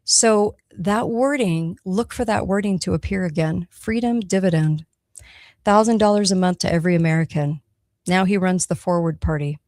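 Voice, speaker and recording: Low-voiced woman hosting talk radio. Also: normal speed, darkish tone, no room sound, clean studio sound. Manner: emphatic, conversational, checks in with listeners. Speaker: radio talk show host. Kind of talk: solo talk radio monologue.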